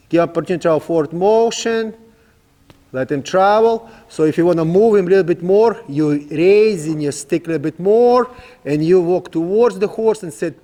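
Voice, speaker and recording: A man's voice: a little high, a little mellow. Repetitive instructive man with reverb. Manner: repetitive, instructive, non-native phrasing. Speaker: horsemanship trainer. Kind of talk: outdoor training demonstration. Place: outdoors with a horse.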